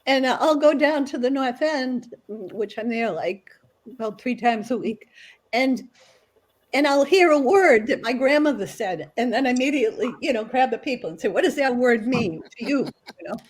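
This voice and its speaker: A woman telling family stories in an excitable, rambling way, losing her train of thought. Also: on the high side, normal speed, low-quality recording. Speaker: guest author. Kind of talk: casual chat.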